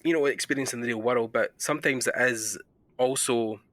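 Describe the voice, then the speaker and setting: A man with a Scottish accent hosting a podcast interview, chatting casually and telling animated stories. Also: mid-range voice, moderate pace, no room sound. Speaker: podcast host.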